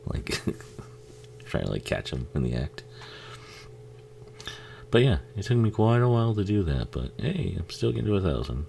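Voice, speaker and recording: A man's voice: low-pitched, big pitch swings, moderate pace, creaky, pauses often, warm tone, slight background noise. A man giving a casual, rambling watch-along commentary on a film, swearing freely and laughing often.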